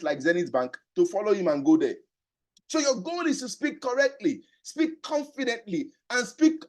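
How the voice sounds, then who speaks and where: A man's voice: high-pitched, a little mellow. A man giving a motivational sales training talk, emphatic, repeating key phrases and asking rhetorical questions. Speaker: sales and business coach.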